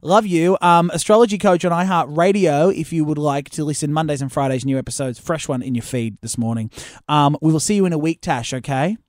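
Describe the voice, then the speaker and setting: A man's voice: fairly high pitch, fairly quick, no room sound, studio quality. A man hosting a radio show, joking and teasing callers in casual banter. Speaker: radio host. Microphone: studio mic.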